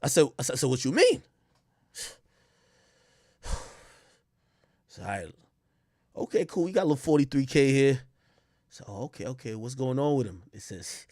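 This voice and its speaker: A man's voice: a little high, huge pitch swings, normal speed, pauses often, fairly bright tone, no room sound, clean studio sound. A man, talking on a casual livestream in a boastful, teasing way. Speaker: streamer.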